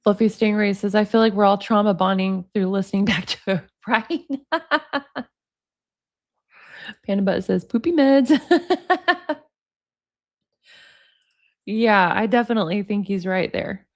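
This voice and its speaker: A woman's voice: medium pitch, moderate pace, long pauses, a little mellow. A woman in her forties, commentating casually as host, reading text messages aloud and reacting bluntly with plenty of laughter and swearing. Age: 40s.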